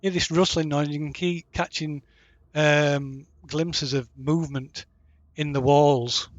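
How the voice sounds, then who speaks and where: A man narrating as game master, halting and restarting with many fillers. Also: on the high side, fairly even intonation, no echo, dull audio.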